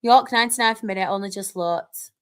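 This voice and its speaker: With a clear, resonant tone at medium pitch, a young Northern English woman runs a live stream, reading comments aloud and chatting casually, full of excitement and quick laughter.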